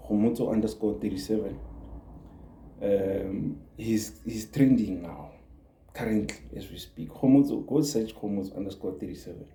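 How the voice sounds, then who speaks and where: A South African YouTube creator with a low-pitched, dark voice gives an earnest motivational talk, repeating words for emphasis. The recording has the echo of a room.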